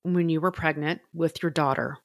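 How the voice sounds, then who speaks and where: Soft-spoken woman interviewer. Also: low voice, steady tone, moderate pace, no room sound, studio quality. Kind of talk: interview questions.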